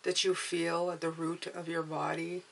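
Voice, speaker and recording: A woman's voice: fairly low pitch, level tone, moderate pace, vocal fry. A woman giving an earnest spiritual tarot reading, coaxing her viewers and often checking in with "okay?" and "you guys". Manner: emotional, coaxing. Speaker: tarot reader.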